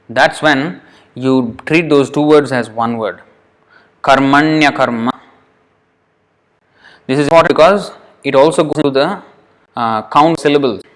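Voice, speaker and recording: A man teaching an informal lesson on verse pronunciation, patient, often restarting and sounding words out slowly syllable by syllable. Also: medium pitch, fairly bright tone. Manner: frequent restarts, thinking aloud.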